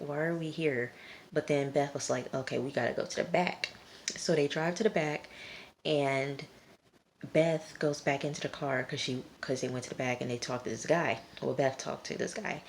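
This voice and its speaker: A woman's voice: low-pitched, a little hiss or hum. A woman chatting straight to her viewers as she recaps a TV episode, scolding the characters as she goes. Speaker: TV episode reviewer. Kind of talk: casual episode recap to camera. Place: at home late at night.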